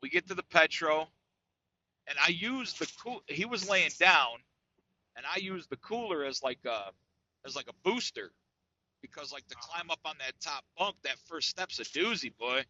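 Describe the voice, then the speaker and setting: A New York man co-hosting a podcast tells a comic story casually, cursing freely and tacking "dude" onto nearly every phrase. His voice runs on the high side, expressive and sharp, at a normal speed, with lo-fi sound.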